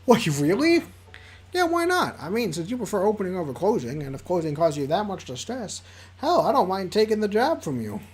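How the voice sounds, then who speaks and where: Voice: medium pitch, very animated, a little fast, slightly rough. A streamer voicing an easygoing young man coworker who reassures his friend, read from a visual novel. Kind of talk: reading a visual novel aloud.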